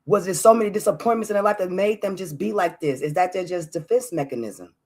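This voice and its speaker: A woman's voice: fairly low pitch, quick pace. A woman hosting a heartfelt solo podcast, talking earnestly and openly straight to her listeners in a casual, friendly way. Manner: casual, warm address with "y'all". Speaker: podcast host.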